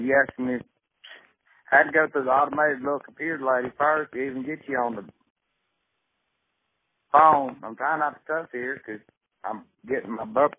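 A man's voice: mid-range voice, lightly acted. A man voicing an irate, stubborn Mississippi caller with a Southern accent who rambles and cusses. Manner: blustering, cussing, rambling. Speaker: prank caller. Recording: tinny phone line with faint hiss.

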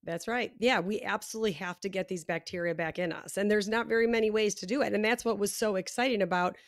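Animated woman guest on a dry mic. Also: mid-range voice, fast, no echo. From United States. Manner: animated, explanatory, with fillers. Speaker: podcast guest, probiotic company founder. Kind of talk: casual interview chat.

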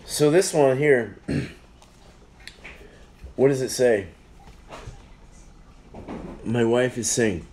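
A man's voice: mid-range voice, lively intonation, slow, pauses often, a little mellow, a little hiss or hum. A man chatting casually on a live stream, reviewing beers in a rambling, easily sidetracked way.

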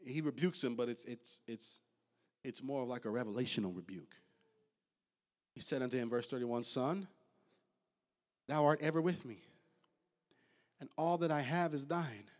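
A man preaching a sermon as pastor, swinging between loud high bursts and quiet, low asides. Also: moderate pace, long pauses.

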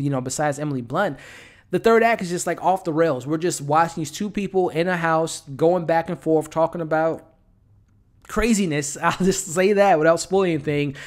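Casual male vlogger, higher-pitched, loose and conversational, bluntly critical. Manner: conversational, many fillers and repeated words. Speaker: movie reviewer. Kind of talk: casual spoken film review.

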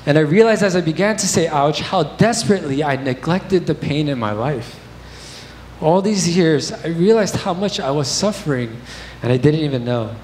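Here a young man delivers a sermon that feels candid and conversational, full of personal stories and casual fillers. His voice is fairly high, expressive, and a little mellow at a moderate pace, recorded in an echoey church sanctuary with faint noise.

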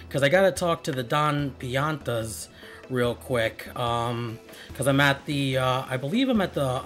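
A man's voice: mid-range voice, a bit bright. A man giving casual, rambling let's-play commentary as host, chuckling and trailing off mid-thought. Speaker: gameplay video host. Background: game music.

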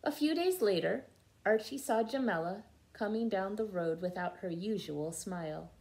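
A storyteller for children reads a picture book aloud, pausing patiently to explain what words mean to her young listeners. Her mid-range voice has lively intonation, a moderate pace, and a creaky, slightly mellow quality.

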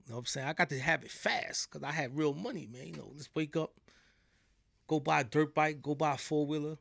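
A man's voice: fairly high pitch, a little fast, vocal fry, fairly bright tone, no echo. A middle-aged man from New York with a New York accent, a podcast guest telling stories in a casual, streetwise way and often asking "you know what I'm saying". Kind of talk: casual storytelling. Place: podcast studio.

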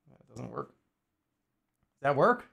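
A man's voice: mid-range voice, very animated, drawn-out words, vocal fry, a bit bright. A man streaming casually, joking and swearing freely, arguing with his chat and muttering while he works on a jigsaw puzzle.

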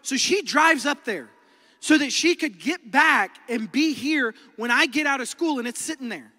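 A man in his thirties with an Oklahoman accent, preaching a sermon as a lively storyteller who acts out quotes and laughs often. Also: very high-pitched, normal speed. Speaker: pastor. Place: large church hall. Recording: long hall reverb.

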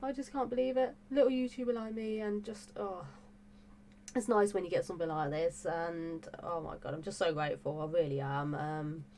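A woman's voice: lowish voice, moderate pace, darkish tone, a little hiss or hum. A woman vlogging in a gushing, breathless way, full of fillers and repeated exclamations about her reaction channel. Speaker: music reaction YouTuber. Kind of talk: excited casual vlog talk.

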